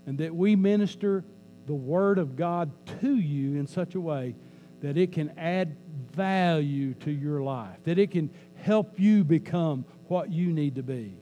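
Man, pastor, church sermon, conversational and joking, repeats lines for emphasis, slightly high voice. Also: measured pace, mellow, dull audio, slight background noise.

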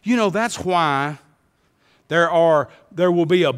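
A man preaching a sermon as a pastor, swinging from hushed tones to shouts. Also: on the high side, expressive, slow pace, smooth, big-room sound.

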